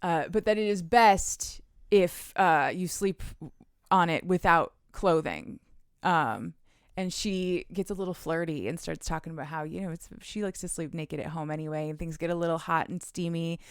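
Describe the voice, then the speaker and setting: A woman hosts a podcast and chats her way through a book recap in a smooth, resonant voice that sits on the lower side. She swears casually and laughs often, and the sound is close and dry. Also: normal speed, no echo. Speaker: podcast host. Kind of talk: casual chat recapping a romance novel.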